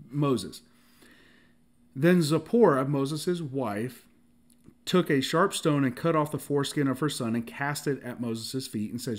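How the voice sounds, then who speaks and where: A preacher delivers a casual sermon at a slow pace in a medium-pitched voice. He's animated, laughs often and acts out the story's dialogue, with frequent restarts and filler words.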